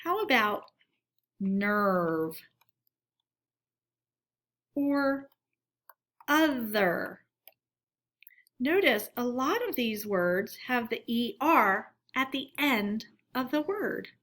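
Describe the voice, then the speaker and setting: A woman teacher talking to young children in a recorded phonics lesson. She speaks very slowly and deliberately, pausing on each word so kids can repeat it. Her voice is bright and clear, set a little high. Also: very animated.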